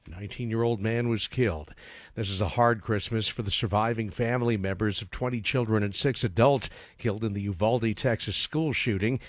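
A man reading a radio newscast as anchor, in a steady, measured delivery. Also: fairly low pitch, dry recording. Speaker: news anchor.

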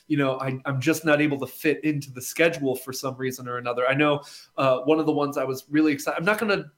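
A man's voice: mid-range voice, quick pace. A young man chatting casually on air, enthusiastic and rambling, with frequent restarts. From Milwaukee. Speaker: film critic guest. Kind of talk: casual radio chat.

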